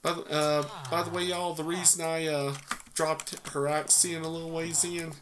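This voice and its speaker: A man's voice: fairly high pitch, level tone, normal speed, a crowd in the background. A man giving rambling, casual commentary while playing a game, thinking aloud with many fillers. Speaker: gaming YouTuber. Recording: noisy mic with keyboard clicks. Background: keyboard typing.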